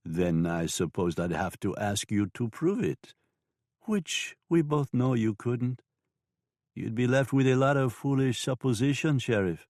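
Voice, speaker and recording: A man voicing a sly, mocking saloon madam with a French accent in an audiobook, speaking slowly and smoothly. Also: mid-range voice, expressive, darkish tone, no room sound, clean studio sound, natural voice. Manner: smooth, taunting, slow and drawn-out. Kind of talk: audiobook character voice.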